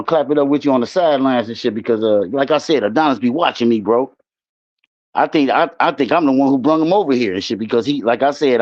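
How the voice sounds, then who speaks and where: A man's voice: on the low side, darkish tone, no echo, highs cut off. A man telling loose, profane stories in casual livestream chat. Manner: loose, profane, rambling storytelling. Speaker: guest on a livestream show.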